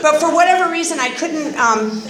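Animated woman telling her recovery story. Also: high-pitched, moderate pace, heavy background noise. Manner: animated, sarcastic, acts out voices. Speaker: recovery meeting speaker. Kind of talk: personal testimony with humor. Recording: roomy echoing meeting hall.

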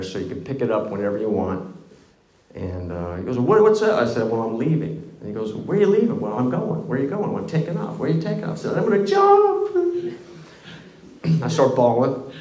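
A man's voice: fairly low pitch, a little mellow, roomy sound. A middle-aged man telling a candid, self-mocking story of his own recovery, with wry humor. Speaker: recovery speaker.

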